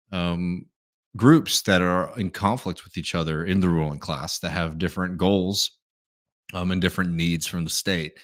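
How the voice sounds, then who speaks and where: Low-voiced man hosting a relaxed live Q&A. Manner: relaxed, thinks aloud with many fillers. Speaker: livestream host answering viewer messages. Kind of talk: casual live Q&A commentary.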